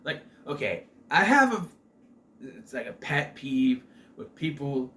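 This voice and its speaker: A man's voice: medium pitch, big pitch swings, takes it slowly, fairly bright tone. A man giving a casual spoken film review, rambling, with many fillers and restarts.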